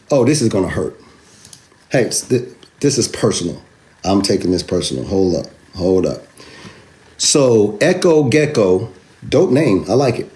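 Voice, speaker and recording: A man's voice: fairly low pitch, expressive, moderate pace, darkish tone. A man hosting a crypto video, talking straight to the camera in an emphatic, repetitive, taunting way as he answers a viewer. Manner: addresses a commenter directly. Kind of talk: animated direct-to-camera rebuttal.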